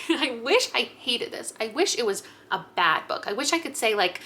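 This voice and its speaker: A woman's voice: on the high side, animated, unhurried, sharp tone, a little hiss or hum. A young woman talking casually to camera as a book vlogger, frank and chatty, with light laughs and fillers.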